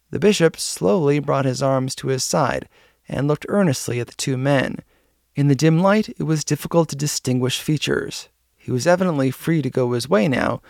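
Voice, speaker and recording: A man reading a story aloud in a steady, measured narration. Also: medium pitch, creaky, no room sound, clean studio sound.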